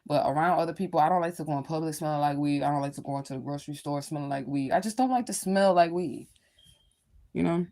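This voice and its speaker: A woman's voice: low-pitched, fast talker, warm tone. A woman chatting casually on a livestream, talking to her viewers in a candid, rambling way and swearing freely. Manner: addresses viewers directly. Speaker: livestream host.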